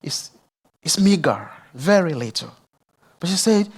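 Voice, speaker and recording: A man shares a testimony at a church service and speaks straight to the people listening. His delivery is animated and emphatic. He swings from loud, high peaks down to low, hushed passages. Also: a little slow, pauses often, husky. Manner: animated, emphatic preaching that rises loud and high, then drops soft and low; addresses the audience directly.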